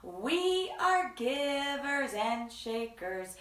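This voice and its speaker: A woman's voice: a little high, lively intonation, unhurried, pushed and bright, echoey room, distant mic. A woman hosting a children's story time, talking in a playful, bubbly way to young kids.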